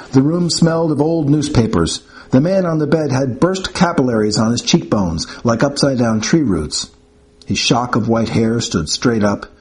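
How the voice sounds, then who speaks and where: A man narrating an audiobook in the first person, with a measured, wry storytelling manner. His pitch is mid-range for a man but moves expressively, lifting and falling through each sentence. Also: a little mellow.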